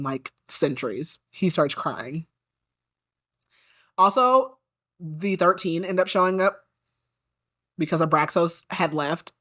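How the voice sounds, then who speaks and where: This podcast host's voice runs low with a fairly bright tone as she goes over a book. She chats casually, peppering her talk with "like" and indignant jabs at the characters.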